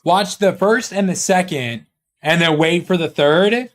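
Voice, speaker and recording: A man's voice: high voice, measured pace, fairly bright tone. A man chatting casually on a live stream, rambling and joking with his chat, swearing often.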